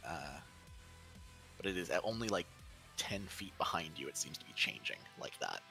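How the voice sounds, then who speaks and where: A man's voice: deep voice, very animated, normal speed, creaky, pushed and bright, faint music behind. A man narrating as game master of a tabletop role-playing game, describing scenes loosely with many fillers.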